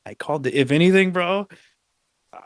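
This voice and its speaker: A man's voice: sits high, brisk, no echo. A man co-hosting a casual live audio chat, joking in loose slang.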